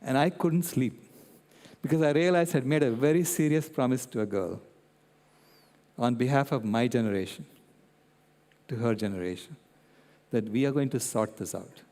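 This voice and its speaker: An older man giving a public talk, an animated storyteller who keeps checking in with his audience. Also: mid-range voice, normal speed, pauses often. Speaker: guest speaker. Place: convention centre hall. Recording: long reverb in a large hall.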